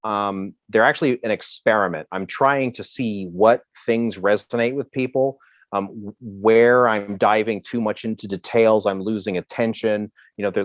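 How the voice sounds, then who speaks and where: A man from Ohio answering questions as a presenter in a video call, talking in a halting way with many fillers and restarts. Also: on the low side, no echo, dull audio. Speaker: presenter on emergency communications. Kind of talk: Zoom Q&A answer.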